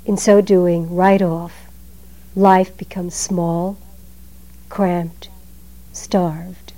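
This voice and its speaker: A woman giving a Zen dharma talk in a measured, emphatic way, letting her phrases trail off softly. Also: lowish voice, little pitch movement, low-quality recording.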